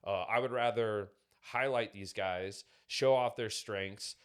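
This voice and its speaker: A man's voice: lowish voice, takes it slowly, clear, resonant tone. A man talking casually on a podcast, rambling through stories with lots of fillers. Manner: rambling, filler-heavy storytelling. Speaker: podcast guest.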